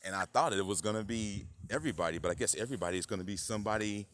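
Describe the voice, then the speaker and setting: Racing through his words, a man hosting his own channel rambles on with lots of fillers, now and then erupting into loud, high-pitched mock voices. There's a little hiss or hum on the recording.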